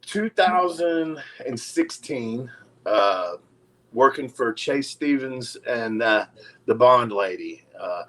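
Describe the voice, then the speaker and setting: A man's voice: mid-range voice, animated, slow pace, fairly bright tone, slight background noise, poor audio. Laid-back middle-aged man telling stories. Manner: profane, laid-back, chuckling between stories. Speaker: podcast guest, retired pro wrestler. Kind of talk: casual storytelling.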